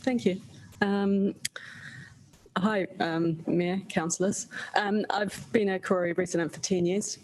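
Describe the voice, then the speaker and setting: A woman's voice: mid-range voice, fairly even intonation, a little slow, a little mellow, a little hiss or hum, rough recording. A New Zealand woman giving public testimony at a council hearing, hesitant with many filler ums. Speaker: public submitter.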